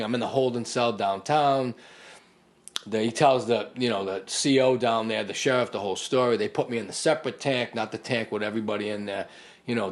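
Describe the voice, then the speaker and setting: Middle-aged man telling a story. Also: medium pitch. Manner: animated storyteller who acts out other people's lines. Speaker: podcast guest. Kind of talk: conversational storytelling.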